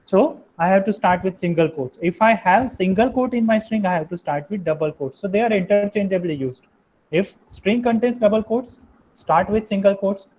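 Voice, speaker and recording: A man with a fairly high voice teaches coding in a live online class. He explains each step patiently and keeps checking in with a quick "right?". A faint hiss sits under his voice. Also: a little mellow, rough recording. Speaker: programming instructor.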